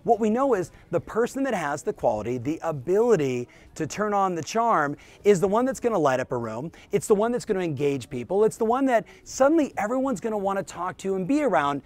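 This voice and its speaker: A man hosting his own show as a real estate business coach, giving an energetic, emphatic motivational talk straight to the viewer. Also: high-pitched, a little fast, hardly any pauses.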